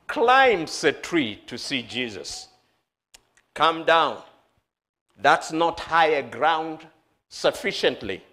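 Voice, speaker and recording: High-voiced, slow, dramatic preacher man. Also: sing-song. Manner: dramatic preaching, rising to loud calls then dropping soft. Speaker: pastor. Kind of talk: sermon.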